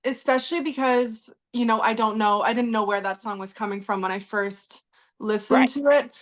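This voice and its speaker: A woman's voice: fairly high pitch, normal speed. A woman hosting a podcast interview, speaking reflectively with many filler words. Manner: reflective, heavy use of "like", warm and encouraging. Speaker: podcast host.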